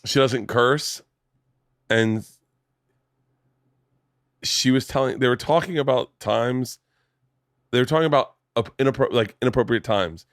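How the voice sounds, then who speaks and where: A man in his forties hosting a podcast in a home studio, telling animated stories and acting out the voices of the people in them. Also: mid-range voice, measured pace, pauses often, no room sound. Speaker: podcast host. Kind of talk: casual chat.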